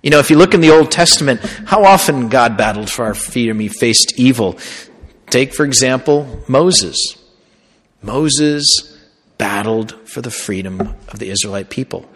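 A man who is a Catholic priest, giving a sermon in a slow, conversational storytelling way. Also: mid-range voice, lively intonation, husky. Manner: conversational storytelling preaching, slow deliberate phrasing. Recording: long hall reverb.

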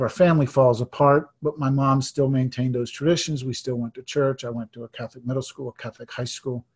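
A man in his fifties preaching, telling his own testimony earnestly, shifting between hushed and emphatic delivery. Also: mid-range voice. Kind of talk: sermon testimony.

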